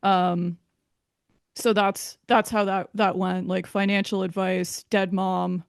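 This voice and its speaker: A woman tells her story to an interviewer in a hesitant, candid way, restarting her sentences often. Her voice is smooth and clear, with little rise and fall, and the recording is dry and close. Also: mid-range voice, level tone, takes it slowly, dry recording. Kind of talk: candid personal account.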